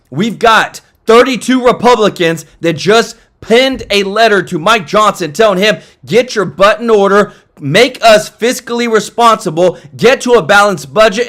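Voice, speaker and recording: Hyped male vlog host, high bright voice, talks straight to viewers. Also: a little slow, hardly any pauses. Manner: hyped, keeps addressing viewers as guys. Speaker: news commentary host. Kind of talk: excited political vlog commentary.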